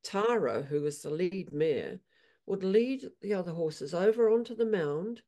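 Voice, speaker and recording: A woman equine therapist telling animated stories in an interview, acting out her horses' voices. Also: lowish voice, unhurried. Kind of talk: storytelling in an interview.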